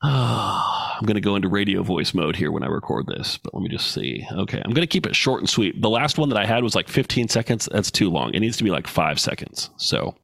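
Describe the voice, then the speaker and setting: A man's voice: fairly low pitch, animated, a little fast, vocal fry, fairly bright tone, dry recording. A man hosting his own podcast in a casual solo talk, blunt, profane and joking. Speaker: podcast host. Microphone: studio microphone with headphones.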